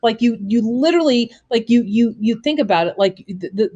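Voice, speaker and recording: A woman co-hosting a radio talk show, telling stories in an exasperated, animated way and mimicking the people she describes. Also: on the high side, fairly quick, muffled recording. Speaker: co-host. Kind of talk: casual political chat.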